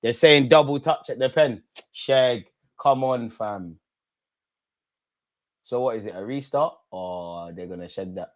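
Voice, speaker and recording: A young man hosting a live football watch-along, chatting in street slang and shouting when goals go in. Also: medium pitch, unhurried, pauses often.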